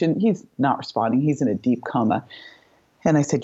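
A woman's voice: rumbling low, normal speed, warm tone, breathy edge, muffled recording. A middle-aged woman guest on an interview show, telling a personal story vividly and acting out the dialogue. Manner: vivid storyteller who acts out quoted dialogue. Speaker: podcast guest.

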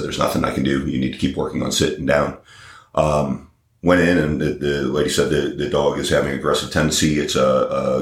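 A man working as a dog trainer, talking through his experience in an interview. He pauses often and fills gaps with "uh" and restarts. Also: rumbling low. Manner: hesitant, many fillers and restarts. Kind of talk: conversational interview. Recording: roomy echo.

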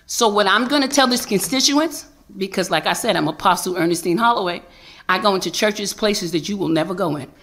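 A woman's voice: mid-range voice, brisk, fairly bright tone. A woman street preacher giving impassioned, repetitive testimony at a public hearing, angry and preacherly.

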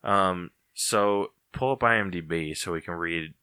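A man co-hosting a casual podcast chat, relaxed and opinionated, laughing easily. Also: deep voice, a little slow, clear, resonant tone, no echo, clean studio sound. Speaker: podcast co-host.

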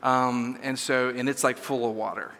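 A man tells a sermon story in a loose, self-deprecating way, stumbling through fillers. His voice is bright and forward. It rings with the long reverb of a church hall. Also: mid-range voice, steady tone, normal speed.

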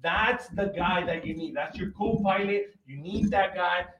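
A man's voice: high-pitched, a little slow, fairly bright tone, muffled recording, a little hiss or hum. A man speaking as a podcast guest, a company founder giving blunt, profane, emphatic advice in casual conversation. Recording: roomy echo.

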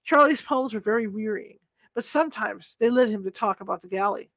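A woman's voice: medium pitch, fairly quick, a bit bright, no echo. Woman reading a story in a dry close sound. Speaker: reader. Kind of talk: audiobook narration.

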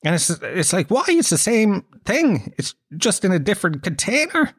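Sweary Irish man, slightly high voice. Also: wildly swooping pitch, normal speed, husky, dry recording, clean studio sound. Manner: rambling, sweary, self-mocking. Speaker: podcast host. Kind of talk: casual comic monologue.

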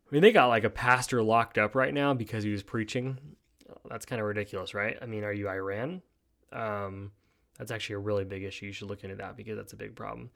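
A man's voice: on the low side, steady tone, quick pace, creaky, a bit bright. A man hosting his own podcast solo, giving casual, joking commentary on news stories in a laid-back way that is full of "dude.". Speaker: podcast host.

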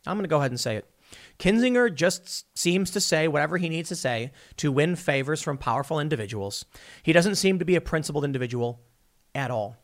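A man's voice: fairly high pitch, lively intonation, a little fast. A man giving an opinionated, combative commentary monologue with emphatic delivery. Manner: emphatic and combative, with frequent restarts. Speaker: political commentator.

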